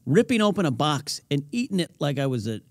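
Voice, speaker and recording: A man co-hosts a loose, joking chat show, his pitch swinging up and down as he tells self-mocking stories. The sound is close and dry, with no room in it. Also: a little fast, dry recording. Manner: animated, self-mocking storytelling. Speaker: podcast co-host. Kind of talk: casual chat.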